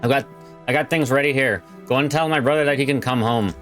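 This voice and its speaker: A man's voice: mid-range voice, fast, a bit bright, soft background music, natural voice. Man doing a weary old whaler, ish. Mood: gruff. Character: gruff old male retired whaler, weary.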